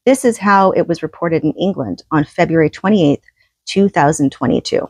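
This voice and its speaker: A woman's voice: low-pitched, moderate pace, darkish tone, husky, dry recording. A woman reading a book aloud and adding her own commentary in an earnest tone, often asking rhetorical questions.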